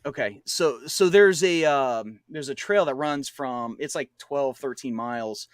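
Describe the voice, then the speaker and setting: A man's voice: medium pitch, a little slow, dry recording. A man co-hosting a podcast, telling a long trail story in casual chat, rambling with fillers and laughing often. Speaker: podcast co-host.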